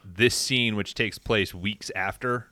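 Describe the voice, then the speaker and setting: A man with a very low voice that still carries a bright, forceful edge, trading sarcastic comments about a film. The recording is dry and close, with no room sound. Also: fairly even intonation, takes it slowly, dry recording. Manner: wry, sarcastic asides. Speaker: podcast co-host. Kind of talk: casual movie recap chat.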